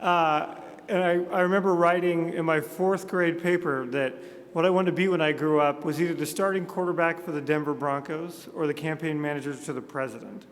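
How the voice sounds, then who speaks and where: A man's voice: a little high, steady tone, brisk. A man from Montana in his thirties giving a humorous, self-deprecating keynote speech at a conference. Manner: self-deprecating storyteller, jokey asides. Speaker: speaker at a conference. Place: large conference hall. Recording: echoey hall with long reverb.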